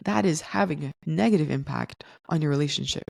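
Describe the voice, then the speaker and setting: A woman hosting a solo podcast, explaining things in a calm, teaching tone. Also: sits low, a little fast, creaky, no echo, studio quality. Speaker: podcast host.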